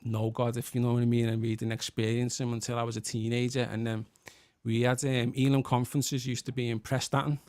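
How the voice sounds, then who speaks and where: A man from Liverpool in his thirties, a guest musician and worship leader, talking in an earnest, halting way with many restarts. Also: medium pitch, level tone, darkish tone, no echo, clean studio sound. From Liverpool, England. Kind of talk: casual chat.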